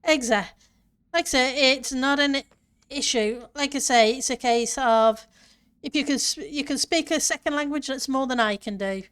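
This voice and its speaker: A woman's voice: sits high, normal speed, fairly bright tone, clean tone. A woman streamer chatting casually with her viewers and answering chat while she plays a building game. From northern part of her country.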